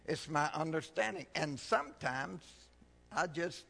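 High-voiced preacher in a reverberant hall. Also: male voice, lively intonation, a little slow, gravelly. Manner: emphatic, dramatic swings in pitch and loudness; folksy storytelling. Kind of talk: sermon with joke.

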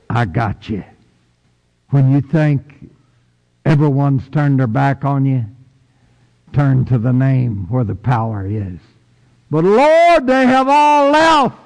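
Male pastor, slow and deliberate sermon delivery, big swings from hushed to cried-out lines, long sanctuary reverb. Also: dull audio. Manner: preaching with dramatic swings between low hushed lines and high cries.

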